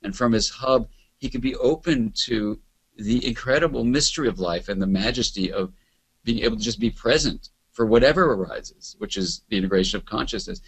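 Male therapy expert, measured and lecturing, with a husky voice. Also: medium pitch. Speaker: psychotherapy expert, interviewee. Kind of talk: explanatory interview talk.

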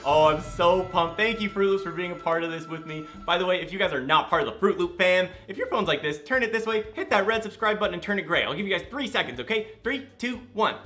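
A young man narrates his gameplay for his fans in a bright voice that sits slightly high. He is worn out from barely sleeping, yet keeps gushing with excitement. Faint music plays behind him. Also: fast talker, hardly any pauses. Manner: hyped, gushing, talks straight to his fans. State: very tired from little sleep. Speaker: gaming YouTuber.

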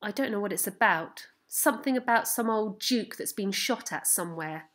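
A woman's voice: medium pitch, moderate pace, a bit bright, natural voice. A woman reading aloud as a kind, eager fifteen-year-old farm boy who speaks tenderly to his horse. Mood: earnest. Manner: tender, coaxing, proud. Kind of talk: storybook reading.

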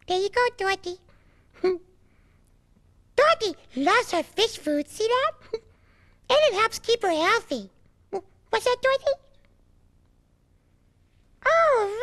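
A man's voice: pushed and bright, heavily acted. A man voicing a cheerful small furry red monster boy who talks about himself in the third person and giggles often, in a children's puppet show. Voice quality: squeaky falsetto.

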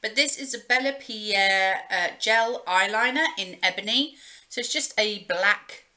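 Slow, bright-voiced woman vlogging. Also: mid-range voice. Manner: chatty and rambling, with many pauses and fillers. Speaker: beauty vlogger. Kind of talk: casual show-and-tell chat.

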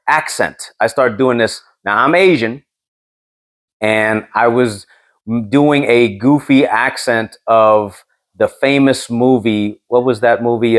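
A man hosting a podcast, telling a story in a joking, casual way. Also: mid-range voice. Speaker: podcast host.

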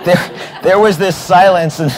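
Animated man telling a keynote story. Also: high-pitched, unhurried, a crowd in the background, noisy background. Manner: animated, acts out dialogue in anecdotes. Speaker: keynote speaker. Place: hotel event room.

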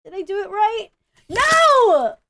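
A young woman commenting as she plays a video game, excitable, shrieking and groaning as she wins and fails. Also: sits high, measured pace, a little hiss or hum. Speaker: gaming YouTuber. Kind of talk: let's play commentary.

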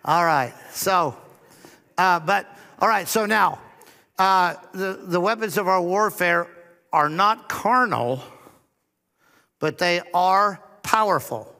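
A middle-aged man preaching as a pastor, telling a story with touches of humor and quieter quoted dialogue. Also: high voice, animated, slow. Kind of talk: sermon. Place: church hall. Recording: long hall reverb.

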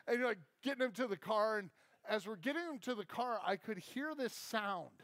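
A man's voice: sits high, lively intonation, moderate pace, a bit bright, dry recording. A man preaching a sermon as a pastor, telling a self-deprecating story and acting out the people in it. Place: church.

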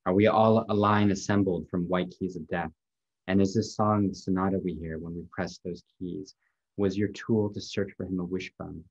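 A man giving a poetry reading, delivering a long, measured, incantatory run of questions. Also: low-pitched, dull audio. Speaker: poet.

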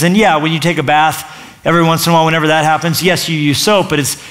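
A male pastor giving an energetic, conversational sermon in a church, full of asides and quick restarts. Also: on the high side. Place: church stage.

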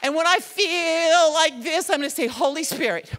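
A woman pastor preaching a sermon to a congregation, animated and self-deprecating, acting out the words of others. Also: very high-pitched, moderate pace, some chatter behind, slight background noise. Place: church sanctuary with a congregation. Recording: long church reverb.

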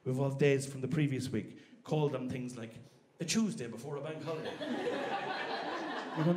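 A man with an Irish accent performing a stand-up comedy set in a club, animated and sweary, acting out characters. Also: medium pitch, normal speed, very noisy. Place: comedy club with a live audience. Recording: live club with crowd laughter.

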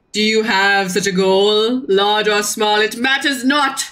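A woman voicing a lofty, passionate male adventurer leader in a game, with grandiose, theatrical speech that climbs toward shouting. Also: medium pitch, steady tone, slow pace, soft background music. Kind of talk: playful game character voice-over.

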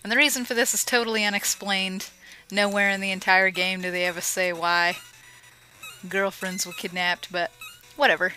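A woman giving casual, joking commentary over a retro game she is playing, with sarcastic asides and excited yelps. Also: medium pitch, moderate pace, soft background music, low-quality recording. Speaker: let's play commentator. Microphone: home microphone.

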